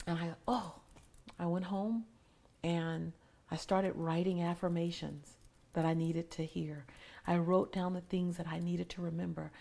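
Husky, gravelly-voiced woman speaker. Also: on the low side, steady tone, a little slow, darkish tone. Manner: earnest and emotional, dropping to near-whispers. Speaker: motivational speaker. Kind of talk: interview guest telling a personal story.

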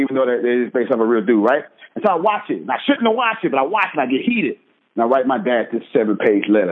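A man in his thirties with a Texan accent, emphatically telling his own life story and keeping his listeners hooked with repeated asides. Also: medium pitch. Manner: emphatic storyteller, keeps asking "right?" and "check this out". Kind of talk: animated personal testimony. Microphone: phone call. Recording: husky voice over a tinny phone line.

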